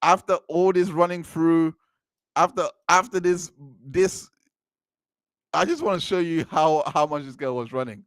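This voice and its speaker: Hosting his channel, a man offers casual commentary on court transcripts, repeating himself, restarting phrases, and tossing in incredulous asides. His voice sits on the higher side and moves a little slowly. There's no room sound at all.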